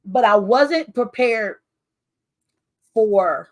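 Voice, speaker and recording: Chatty woman author, slightly high voice. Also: very slow. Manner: chatty, rambling, loses her train of thought; expressive, animated with laughter. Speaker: author hosting her book launch. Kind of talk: casual livestream chat.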